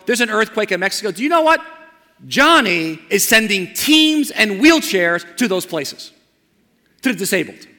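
A man preaching a sermon as pastor of his church. He builds to emphatic repeated lines, then drops to a soft, slow invitation. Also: high voice. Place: church sanctuary. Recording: long church hall reverb.

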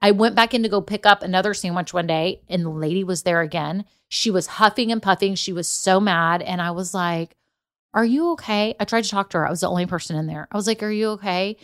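A woman's voice: fairly low pitch, fast talker, few pauses. A middle-aged woman, a business coach telling stories in a casual motivational talk. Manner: chatty storyteller, addresses listeners as y'all.

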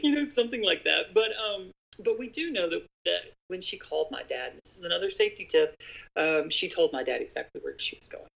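Podcast guest, earnest storyteller, some vocal fry, talks straight to the audience. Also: medium pitch, expressive, fairly quick, a bit bright, poor audio. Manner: earnest, speaks directly to listeners. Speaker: podcast guest speaking on real estate agent safety. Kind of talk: conversational storytelling.

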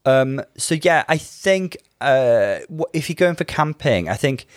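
A man's voice: mid-range voice, expressive, a little slow, no echo, clean studio sound. A man co-hosting a casual chat, talking loosely with many fillers and asides. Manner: chatty, with frequent fillers and asides. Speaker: podcast co-host.

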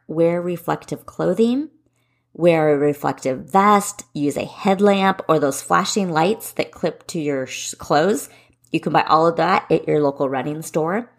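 A woman in her forties hosting a solo podcast, giving running tips in a direct, encouraging way. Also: fairly low pitch. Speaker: podcast host and running coach.

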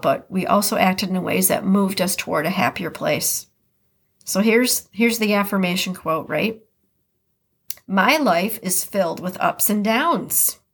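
In a mid-range, slightly bright voice, a podcast host with an Upper Midwestern American accent talks casually through a solo episode. She alternates between reading brief passages aloud and stopping to respond to and reflect on them in her own words.

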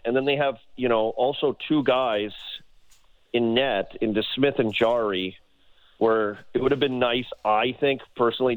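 A man in casual sports talk, working through his points with a steady stream of fillers. The recording is dry and close with no room sound. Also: medium pitch, dry recording, rough recording. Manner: rambling, many "you know" fillers. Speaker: sports radio co-host.

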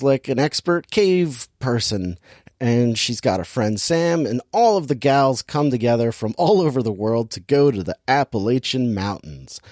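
A man casually recaps a film plot in an animated voice, laughing often and jumping way up in pitch when he mimics the characters. His pitch sits in an ordinary middle range, and the recording is close and dry with no room sound. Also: dry recording. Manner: animated storytelling, acts out characters' lines with big pitch jumps; laughs often while talking. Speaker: podcast co-host recapping a movie. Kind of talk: casual chat.

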